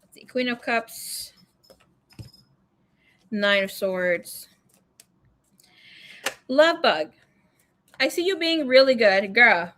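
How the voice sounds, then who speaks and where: Chatty, profane woman with a high voice. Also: very animated, extremely slow, long pauses, a bit bright. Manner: frank, profane, chatty, switches into Spanish phrases. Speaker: tarot reader livestream host. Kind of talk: casual storytelling chat.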